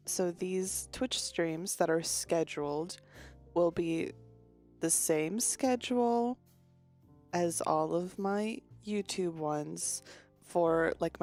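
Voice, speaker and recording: A woman with a slightly low voice chats casually with her stream viewers. She greets them one by one and drifts off her train of thought now and then. Faint music plays behind her. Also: creaky, a little mellow. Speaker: virtual streamer.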